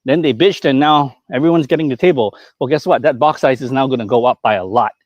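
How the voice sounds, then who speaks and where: A man's voice: mid-range voice, quick pace, dry recording, highs cut off. A man who runs a figure store, talking in a blunt, profane, ranting way in a casual live-stream chat.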